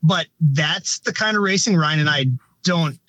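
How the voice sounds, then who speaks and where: Man, race director, fairly high voice, dry close sound, rambling and casual. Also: unhurried, pushed and bright, no echo. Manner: rambling, frequent restarts and "you know". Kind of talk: casual podcast conversation.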